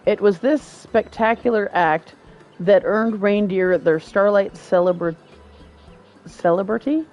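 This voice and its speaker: A woman's voice: medium pitch, measured pace, lo-fi sound, soft background music, lightly acted. A woman reading the lines of a formal, lecturing male folklore professor from a game, quizzing and stumbling over long words. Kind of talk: reading game dialogue aloud.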